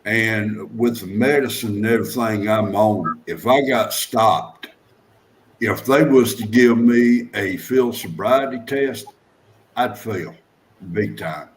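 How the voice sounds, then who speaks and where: Folksy joker, slow speaker, casual chat with a faint hiss behind. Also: male voice, on the low side. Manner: joking, folksy, teasing. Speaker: livestream guest.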